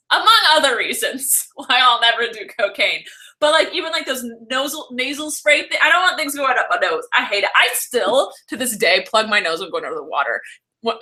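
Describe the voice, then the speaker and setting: A young woman chats casually on a live stream, answering viewers in a rambling way full of "like". Her voice sits a little high and sounds bright and forward. She keeps talking loosely and corrects herself mid-sentence. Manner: chatty and rambling, heavy use of "like", quick self-corrections. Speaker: vlogger hosting a live stream.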